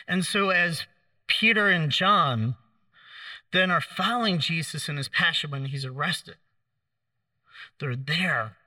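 Male preacher, kinda high voice, dry sound, sits a bit far from the mic, acts out the lines while telling the story. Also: slow, long pauses, no room sound. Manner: storytelling, acts out quotes, gentle humor. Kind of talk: sermon.

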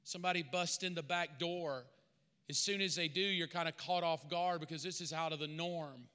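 A pastor preaches a storytelling sermon, drawing his listeners into the scene. His voice is bright and clean and sits a little high, with a long reverb tail from the hall around him. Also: normal speed, clean tone. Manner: storytelling, speaking in second person.

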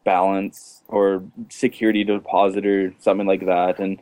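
A man's voice: low-pitched, moderate pace, smooth. Easygoing man telling stories. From Canada. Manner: relaxed storyteller, laughs often. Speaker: podcast host. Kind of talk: casual storytelling chat.

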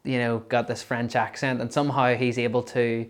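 A man hosting a podcast interview, brisk and encouraging with quick affirmations. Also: medium pitch, little pitch movement. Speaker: podcast host.

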